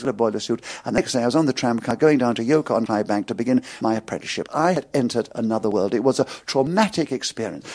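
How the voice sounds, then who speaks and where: An older man with an English upper-class accent and a slight stutter, telling anecdotes in a lively, amused way. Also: medium pitch. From England. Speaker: interviewee. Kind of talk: anecdotal storytelling.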